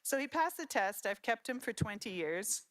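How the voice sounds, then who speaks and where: A woman's voice: on the high side, normal speed. A middle-aged woman from Saskatchewan giving a conference talk, telling personal family stories and acting out her relatives' words. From Saskatchewan, Canada. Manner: storytelling, animated quoting of relatives. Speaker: conference speaker.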